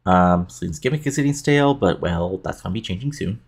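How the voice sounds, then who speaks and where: A man's voice: low voice, animated, fairly quick. A man casually narrating his wrestling booking game, rambling with lots of filler words. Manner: rambling, many fillers like "you know".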